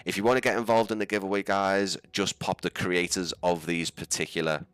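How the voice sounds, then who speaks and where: A man's voice: deep voice, steady tone, fairly quick, a bit bright, smooth, dry recording. A young man with a Scouse accent, rambling and laughing as he chats through a live stream. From England. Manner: chatty, rambling, laughs often. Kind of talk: casual live-stream chat.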